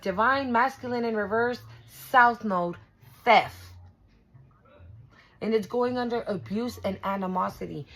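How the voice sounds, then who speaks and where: A woman's voice: fairly high pitch, a little slow, pauses often, fairly bright tone, low-quality recording. A woman doing a casual tarot reading for her viewers, blunt and profane, repeating and restarting herself for emphasis. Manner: blunt and profane, swears freely; emphatic and repetitive, restarts often. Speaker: tarot reader.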